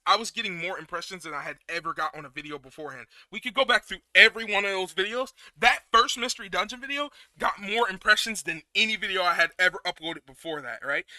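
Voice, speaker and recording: A young man streaming a retro game, chatting casually with his viewers, excitable and prone to repeating himself when nervous. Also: sits high, dry recording. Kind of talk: casual live-stream chat.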